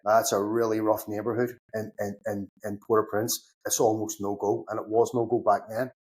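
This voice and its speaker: A middle-aged man from Northern Ireland with a Belfast accent, a podcast guest telling lively stories in casual chat, acting out both sides of each conversation and swearing now and then. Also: on the low side, moderate pace. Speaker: podcast guest, security consultant.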